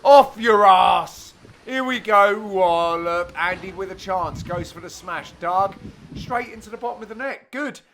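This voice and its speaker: A man giving jokey voice-over commentary on his own amateur match, teasing his friends with sudden loud exclamations. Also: high-pitched, moderate pace, a little hiss or hum. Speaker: player and commentator.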